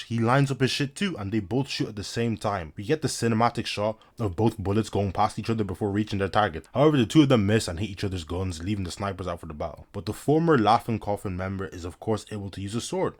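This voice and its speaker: A man's voice: fairly low pitch, expressive, fast, hardly any pauses. A young man giving a comedic anime recap, talking in heavy slang with hyped-up jokes and asides.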